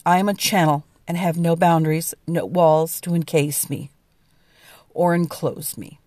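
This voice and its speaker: A woman hosts her own podcast from beside a lake, offering an earnest, inspirational reflection. She speaks slowly and deliberately in a slightly low voice. The sound is dry and close, with little room echo. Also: darkish tone. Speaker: podcast host. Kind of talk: spoken reflection. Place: outdoors by a lake.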